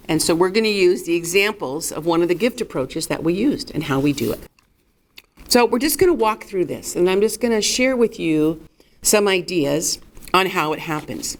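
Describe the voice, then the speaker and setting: A middle-aged woman presenting a recorded workshop lesson in an emphatic, coaching way, asking and answering her own questions. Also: on the low side.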